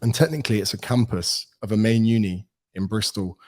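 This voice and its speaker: A man's voice: on the low side, a little fast. A British man in his thirties, a personal trainer talking as a podcast guest, telling stories and acting out quoted dialogue. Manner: animated storyteller, acts out quoted dialogue. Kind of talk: casual podcast interview.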